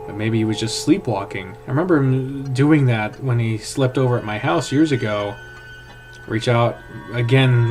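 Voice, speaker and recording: A man reading a visual novel aloud in first person, with a hushed, tense, dramatic delivery. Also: medium pitch. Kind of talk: first-person story narration.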